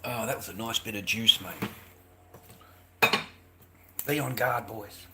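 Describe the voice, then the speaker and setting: A man's voice: medium pitch, takes it slowly, long pauses, heavy background noise. A middle-aged Australian man in a rambling live-stream monologue, bitter and profane, who keeps repeating himself. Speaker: livestreamer.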